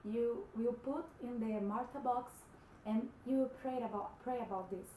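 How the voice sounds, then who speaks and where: A fairly high-voiced woman whose first language is Portuguese talks earnestly about faith, halting often as she looks for English words. The room is echoey, with a faint hiss behind her. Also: dark tone. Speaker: Christian vlogger. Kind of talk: devotional talk to camera.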